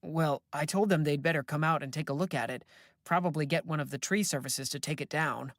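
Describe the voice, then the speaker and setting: A man's voice: a little high, a little fast, a bit bright, dry recording, clean studio sound. A narrator voicing an older father who is shaken and trembling but answers curtly. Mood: matter-of-fact. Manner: trembling, curt.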